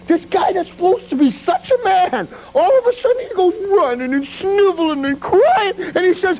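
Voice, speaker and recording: A man cutting a mocking wrestling promo, taunting his rivals, shouting and laughing as he goes. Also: expressive, normal speed, few pauses, low-quality recording. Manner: laughs and shouts between lines; sudden jumps and drops in pitch.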